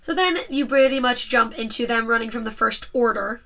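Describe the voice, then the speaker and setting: A woman's voice: on the high side, a little fast, vocal fry, pushed and bright. A woman hosting a casual chat podcast, giggling often and retelling movie scenes with lots of "like". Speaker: podcast host.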